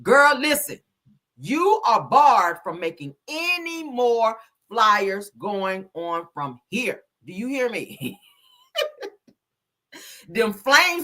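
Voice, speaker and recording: A woman hosts a casual comedic livestream in a fairly high, sing-song voice at a slow pace. She's loud and laughs a lot, swearing and frequently exclaiming preachily to the Lord.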